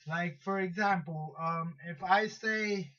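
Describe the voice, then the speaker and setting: A man casually retelling a superhero story in a rambling, halting way, full of restarts and fillers. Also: sits high, bright, forceful tone. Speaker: vlogger counting down superheroes. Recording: dull lo-fi recording.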